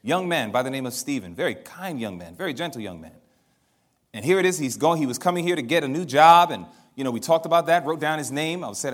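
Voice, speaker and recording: A male preacher delivers a sermon through animated storytelling, swinging his voice widely between loud, rising peaks and quiet, low lines. His voice sits a little high for a man. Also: fairly quick. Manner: animated storytelling, acting out dialogue. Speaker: minister.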